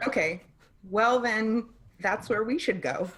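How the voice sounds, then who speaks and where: A woman's voice: on the high side, slow, a bit bright, breathy edge. A woman playing in a tabletop game, making dry jokes. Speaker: player. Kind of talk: casual tabletop game chat.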